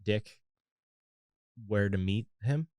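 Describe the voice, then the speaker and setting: A man co-hosting a casual podcast, relaxed and thinking aloud about a show. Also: fairly low pitch, takes it slowly, clean tone, no room sound, studio quality. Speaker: podcast co-host. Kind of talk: casual chat.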